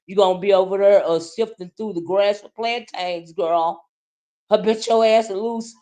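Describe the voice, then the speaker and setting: A woman hosting a casual livestream, teasing loudly and swinging from low mutters to shouts. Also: fairly even intonation, moderate pace. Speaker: livestream commentary host.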